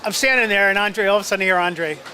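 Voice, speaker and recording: A man telling an animated story about his first film role in a casual interview, acting out the other people's lines. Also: high voice, racing. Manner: animated storyteller, acts out quotes, many restarts. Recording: crowd noise outdoors.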